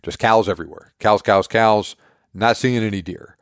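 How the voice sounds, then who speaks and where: A man's voice: on the low side, normal speed, clear, resonant tone, dry recording, clean studio sound. A man hosting a podcast, casually recapping a story and acting out quoted dialogue. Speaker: podcast host.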